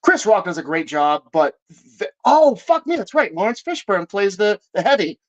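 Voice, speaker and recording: A man's voice: high voice, big pitch swings, moderate pace, lo-fi sound. A man ranting casually about movies on a live stream, profane and rambling, often breaking off and correcting himself. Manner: profane, rambling, self-interrupting.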